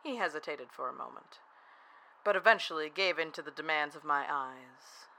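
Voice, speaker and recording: A narrator telling a first-person erotic audio story in a soft, half-whispered, breathy delivery. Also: mid-range voice, normal speed, low-quality recording.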